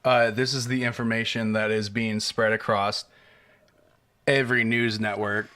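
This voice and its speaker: Young man, podcast co-host, bright voice, casual chatter. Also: on the low side, little pitch movement, moderate pace, clean tone. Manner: chatty, loose, swears casually. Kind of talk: casual chat.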